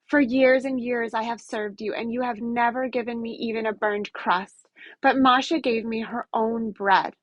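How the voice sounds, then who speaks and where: A woman voicing a talking house cat who speaks in a measured, plain way. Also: on the high side, steady tone, no echo, muffled recording, close to an everyday voice. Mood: resentful. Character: loyal house cat, calm and resentful.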